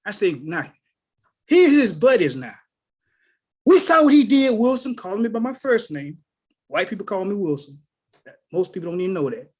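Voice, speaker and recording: A man's voice: sits high, moderate pace, long pauses, slightly rough. A middle-aged man, telling personal stories on a group call and acting out the voices of the people in them. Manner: animated storyteller who acts out quoted voices. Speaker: call participant. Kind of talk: casual spoken testimony.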